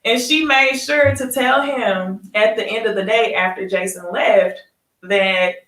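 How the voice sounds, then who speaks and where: A woman's voice: mid-range voice, a little slow, fairly bright tone, reverberant, recorded from a distance. A woman hosting a casual live recap of a reality dating show, chatting straight to her viewers and laughing often. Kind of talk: casual live review chat.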